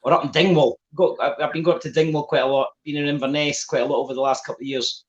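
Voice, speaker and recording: A man's voice: fairly high pitch, fairly even intonation, racing, highs cut off. A man from Fife with a Scottish accent, telling stories as a guest musician in a casual chat, often restarting his sentences. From Scotland. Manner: chatty storyteller with frequent restarts and laughs.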